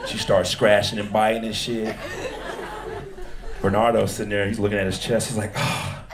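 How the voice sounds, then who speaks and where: At a moderate pace and in a level tone, a man from Texas with a fairly low voice works the crowd during a stand-up set, acting out characters in put-on voices. The handheld stage mic is distant and picks up background noise, roomy club acoustics, and a laughing live audience.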